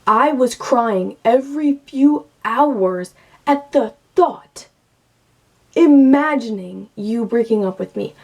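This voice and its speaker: A woman's voice: on the high side, expressive, slow, darkish tone. A young woman in her late teens, venting candidly and emotionally to camera and swearing freely. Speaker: vlogger.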